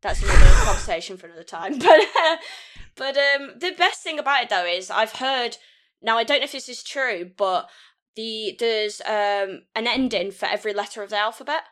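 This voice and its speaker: A woman's voice: on the high side, expressive, normal speed, fairly bright tone. A woman co-hosting a casual podcast chat, rambling and laughing often as she talks. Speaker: podcast co-host.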